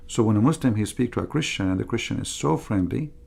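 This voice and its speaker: A man's voice: fairly low pitch, lively intonation, quick pace, gravelly, a little mellow, husky. A middle-aged man giving an emphatic, repetitive livestream monologue as a religious debater, in non-native grammar.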